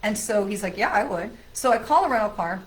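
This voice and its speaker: A middle-aged woman, a psychic medium, casually telling a personal story to her viewers in a chatty, animated way. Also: mid-range voice, fairly quick, poor audio.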